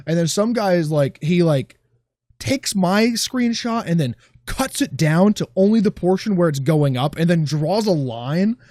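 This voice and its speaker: A man's voice: high-pitched, expressive, a little slow, darkish tone, no room sound, clean studio sound. A man co-hosting a casual podcast chat, talking in a sarcastic, swearing way and often trailing off mid-sentence.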